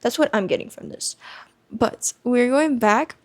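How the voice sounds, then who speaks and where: A woman's voice: a little high, expressive, unhurried. A young woman chatting casually about her first impressions of a book, rambling and leaning heavily on "like" as filler. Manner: rambling, heavy use of "like" fillers. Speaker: book vlogger.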